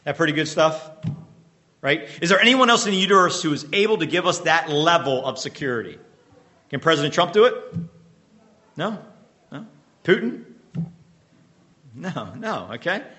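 The pastor's voice sits on the high side, pushed and bright, with big swings in pitch. Mid-sermon, he has the congregation fill in blanks and repeats the central ideas slowly, punctuated by emphatic outbursts.

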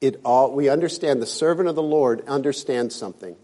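A man's voice: medium pitch, fairly quick, hardly any pauses, warm tone. A man preaching a sermon, emphatic, rising in force when he quotes scripture.

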